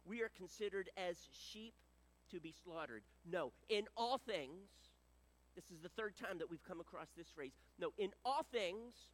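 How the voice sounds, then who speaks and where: A man preaching a sermon as pastor, earnest and exhorting, going soft in prayer and loud for emphasis. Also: sits high, lively intonation, moderate pace. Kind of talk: sermon with scripture reading and prayer.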